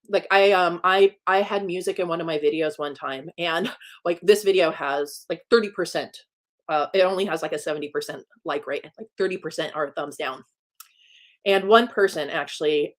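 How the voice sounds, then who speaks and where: Fast-talking chatty woman. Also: lowish voice. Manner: fast, chatty, wanders off topic. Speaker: YouTuber and teacher. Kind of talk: casual live-stream chat.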